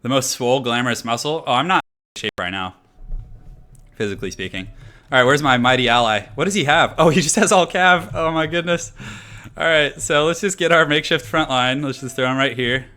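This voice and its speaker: A man streaming a strategy game, talking easily through his choices and breaking into quick laughs. His tone is bright and a little forceful, in a mid-range voice. He keeps it loose and conversational throughout. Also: medium pitch. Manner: chatty, thinks aloud, laughs often. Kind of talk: casual live-stream commentary.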